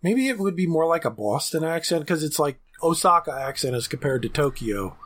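A woman co-host joins a relaxed chat and explains background details. Her voice sits very low and sounds husky, yet her intonation moves around a great deal. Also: brisk. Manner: explanatory, adds side facts. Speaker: podcast co-host. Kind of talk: casual chat.

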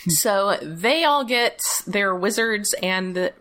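A woman hosts a relaxed chat and retells what happened in an episode. She talks loosely, with plenty of fillers and frequent laughter, at an ordinary pitch. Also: takes it slowly. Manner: chatty, laughs often, many fillers. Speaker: podcast host. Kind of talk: casual recap chat.

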